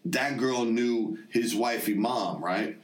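A man in his late forties chats through a rambling story, swearing freely and breaking into laughs, his voice at an ordinary middle pitch. He sounds set back from the microphone in a roomy, echoing space. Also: takes it slowly, distant mic. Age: 40s. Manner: profane, laid-back, laughs often. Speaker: podcast host. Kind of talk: casual storytelling chat.

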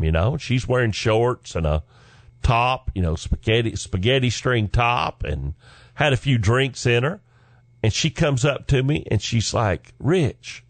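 A man's voice: fairly low pitch, dry recording. A middle-aged man, a comedian and former pastor, telling stories in a folksy, joking way with asides to the listener. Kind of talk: storytelling talk.

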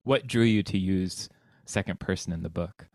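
A man hosting a book podcast, asking admiring, slightly halting questions. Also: low voice, a little mellow, no echo. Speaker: podcast host. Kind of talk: casual interview chat.

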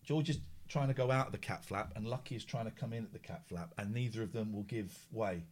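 Fast-talking, with a fairly low, darkish voice, this male streamer and radio-style host runs a casual live stream. He rambles playfully and talks to himself while he works through tasks.

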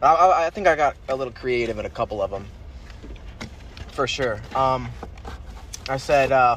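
A man's voice: medium pitch, moderate pace, pauses often, a bit bright, slight background noise. A man hosting a casual podcast, talking in a profane, boastful and swaggering way. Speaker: podcast host.

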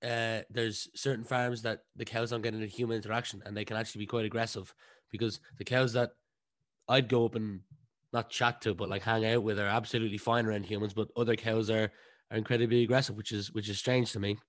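A man hosting a podcast, asking questions with halting, stammered starts. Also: fairly low pitch, flat delivery. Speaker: podcast host. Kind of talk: interview questions.

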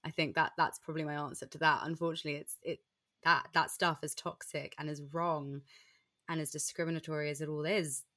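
Deep-voiced woman interviewer. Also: flat delivery, a little fast, no room sound, studio quality. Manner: earnest, agreeing with quiet "mm"s. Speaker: interviewer, host. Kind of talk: conversational interview.

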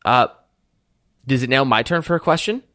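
A man's voice: medium pitch, normal speed, fairly bright tone. A man narrating a tabletop role-playing game as game master, playful.

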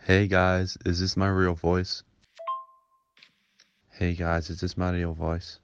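A young man sending in three takes of his voice, one in a put-on Scottish accent, with a very low voice. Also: completely flat delivery, takes it slowly, clear, resonant tone, muffled recording. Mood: playful.

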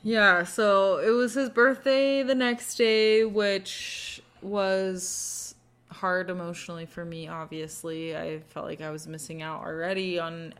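A woman with a lowish, smooth, clear voice co-hosts a podcast. She speaks as a mother reflecting earnestly and pauses now and then between thoughts. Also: fairly even intonation. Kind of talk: casual reflective chat.

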